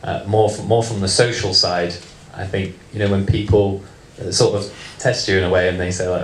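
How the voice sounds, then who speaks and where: A man's voice: sits low, flat delivery, fairly quick, slight background noise. A man moderating a panel, asking a hesitant, rambling question. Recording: distant, echoey room, faint ambience.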